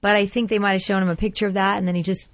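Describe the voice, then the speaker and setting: Woman, voice actress guest, chatty and animated. Mid pitch, dry close-miked studio sound, slightly dull. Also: very fast, no echo. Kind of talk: radio interview conversation. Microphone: studio microphone.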